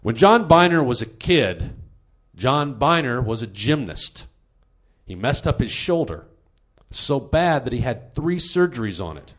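Animated man telling a funny story. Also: medium pitch, measured pace. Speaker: podcast host and storyteller. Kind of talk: comedic true-story monologue.

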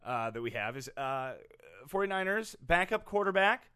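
A man hosting a sports talk show with a high, bright voice. He steers the talk in a matter-of-fact way and sets up each topic. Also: big pitch swings, normal speed, clean tone. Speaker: host. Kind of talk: sports radio comedy chat.

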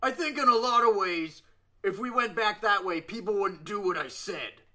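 A man improvising deadpan in a comedy interview, at times slipping into a loud, boastful promo voice. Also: sits high, moderate pace.

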